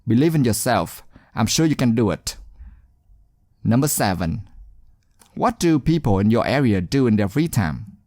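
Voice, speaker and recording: Lively, encouraging male teacher, dry sound. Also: mid-range voice, no echo. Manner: encouraging, deliberate, emphatic stress on key words. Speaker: English exam teacher. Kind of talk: scripted instructional narration.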